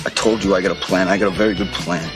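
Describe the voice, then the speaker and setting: An actor playing a menacing, coked-out male robber in a film clip who talks in a flat, insistent, threatening way. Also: low voice, fast talker, lightly acted. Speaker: film character. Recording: film clip over loud music.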